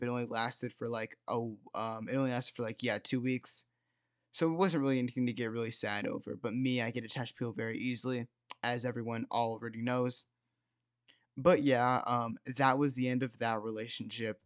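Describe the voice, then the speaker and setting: A man's voice: mid-range voice, no echo. A young man in his late teens hosting a storytime video, rambling through a casual story in a self-mocking way, full of "like" and "dude". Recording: dull, lo-fi, dry sound.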